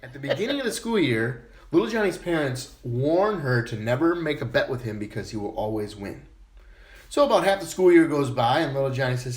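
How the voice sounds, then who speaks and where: A man casually telling jokes in a relaxed storytelling manner. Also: mid-range voice, quick pace. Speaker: joke teller. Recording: echoey room.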